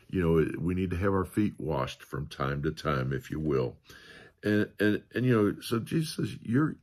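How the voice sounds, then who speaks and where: A man giving a casual Sunday school Bible lesson, rambling with many fillers and restarts. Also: sits low.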